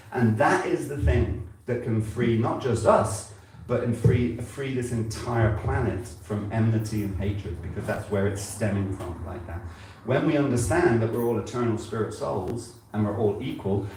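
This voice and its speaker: An older man from England giving an informal sermon at a temple, talking conversationally and halting often, repeating words and using fillers. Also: fairly low pitch, warm tone. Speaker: spiritual speaker at a temple gathering. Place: temple hall. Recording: very echoey hall, heard from a distance.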